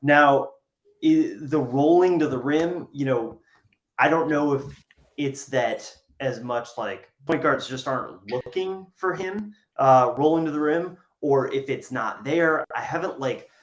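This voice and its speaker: A man from Canada joins a sports podcast as a guest, sounding like he's in a roomy, echoey space. His voice sits at an ordinary pitch, and he thinks out loud at an easy pace with plenty of "like" and "you know.". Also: unhurried. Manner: relaxed, thinking aloud with many fillers. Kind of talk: casual sports analysis chat. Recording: echoey room.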